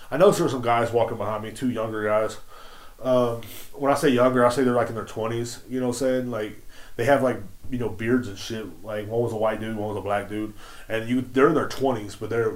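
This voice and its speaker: A man hosting a solo podcast, telling crude stories in a rambling, profane, casual way. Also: medium pitch. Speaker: podcast host. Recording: roomy echo.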